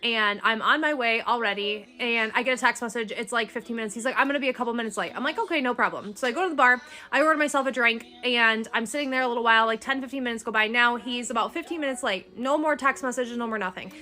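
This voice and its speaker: A woman telling a dating story in casual storytime style, animated and indignant. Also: fairly high pitch, fast.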